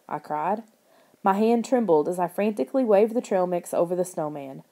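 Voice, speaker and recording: A woman narrates an audiobook with a mellow, rounded tone. Her reading is expressive, and she lifts her voice to act out the lines of the characters. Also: on the low side, moderate pace.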